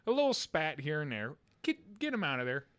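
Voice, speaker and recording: A young podcast co-host tells a funny story in casual chat, laughing and acting out voices, including a kid's screams. He speaks a little fast, with a voice on the high side.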